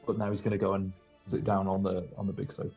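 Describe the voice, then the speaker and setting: A man's voice: low voice, completely flat delivery, fast talker, vocal fry, slightly rough, dull audio, faint music behind. A man playing a tabletop game, describing his character's actions in a playful, cinematic way. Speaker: player.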